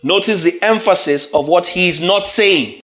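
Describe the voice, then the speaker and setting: A man's voice: high voice, moderate pace, a bit bright. A man preaching a sermon, reading scripture verses aloud and explaining word meanings, often checking in with the congregation through questions.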